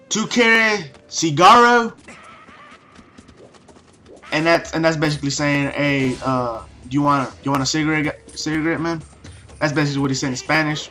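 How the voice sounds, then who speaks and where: A man's voice: on the high side, bright, forceful tone. A teenage guy telling a story to a camera in a casual, foul-mouthed way, with lots of fillers and restarts. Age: late teens. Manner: heavy swearing, many fillers and restarts. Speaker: vlogger.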